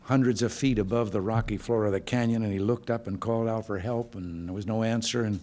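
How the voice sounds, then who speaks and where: Older man, low-ish voice, relaxed folksy speaker with dry humor, addressing a staff gathering. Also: brisk. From United States. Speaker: president giving remarks. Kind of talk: informal speech with joke stories. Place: hotel function room.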